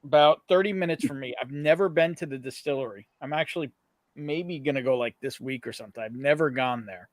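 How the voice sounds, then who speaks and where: A man's voice: medium pitch, brisk, dry recording. A man on a casual whiskey stream, chatty and enthusiastic as he describes what he is drinking. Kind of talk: casual chat on a live stream.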